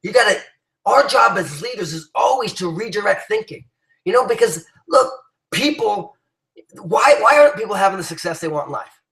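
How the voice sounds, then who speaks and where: A man's voice: sits high, animated, moderate pace, gravelly, fairly bright tone, echoey room, rough recording. A man giving an emphatic motivational talk to his team, rallying them with many restarts and fillers. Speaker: business leader addressing his team.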